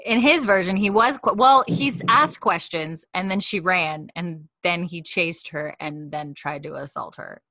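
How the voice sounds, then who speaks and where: A woman's voice: fairly low pitch, unhurried, hardly any pauses, bright, forceful tone, no room sound. A woman co-hosting a podcast, casually retelling a TV episode in a rambling way, full of fillers. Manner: rambling, full of "like" and "you know". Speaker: podcast co-host. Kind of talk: casual recap chat.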